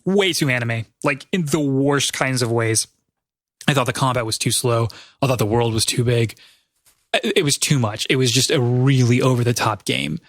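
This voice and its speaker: A man's voice: mid-range voice, normal speed, dry recording. Male podcast host, mid-range voice, chatty and meandering with frequent self-corrections, dry mic. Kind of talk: casual chat.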